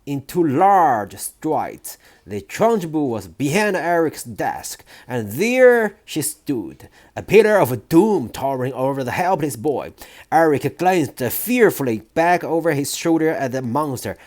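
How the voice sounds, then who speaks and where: A reader narrating a children's book in a slow, expressive storytelling manner. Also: medium pitch. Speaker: audiobook reader.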